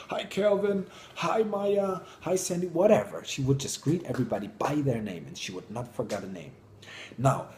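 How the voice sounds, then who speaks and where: A man telling stories to an audience in an enthusiastic, animated way. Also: mid-range voice, echoey room, a little hiss or hum. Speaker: public speaker. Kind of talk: storytelling talk to an audience.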